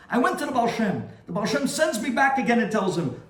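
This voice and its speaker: A man who is a rabbi telling a story in a sermon, dramatic and swinging between hushed and excited tones. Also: very high-pitched, brisk, echoey room, distant mic.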